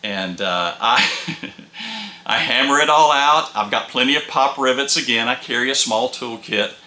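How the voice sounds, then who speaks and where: A man's voice: mid-range voice, measured pace, pushed and bright, roomy sound. A man telling casual first-person stories from his travels with an RV, folksy and rambling, often repeating words as he goes.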